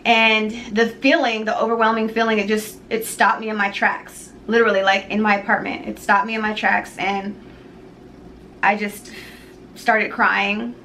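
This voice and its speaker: A woman earnestly telling a personal faith story to the camera, halting and pausing often. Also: medium pitch, level tone, fairly bright tone, slight background noise, low-quality recording. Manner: earnest, halting, with many pauses. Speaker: jewelry maker sharing a personal story.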